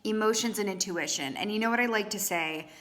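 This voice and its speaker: A woman's voice: mid-range voice, a little fast, fairly bright tone. Chatty, playful woman reading tarot. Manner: chatty, playful, with frequent "right?" asides. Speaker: tarot reader. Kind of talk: casual tarot reading monologue.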